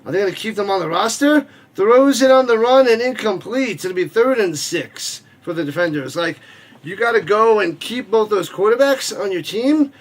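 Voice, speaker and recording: High-voiced man hosting a game stream. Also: expressive, normal speed. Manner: rambling, joking, reads chat comments aloud. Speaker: watch party host and play-by-play streamer. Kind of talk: casual live-stream chat with play-by-play calls.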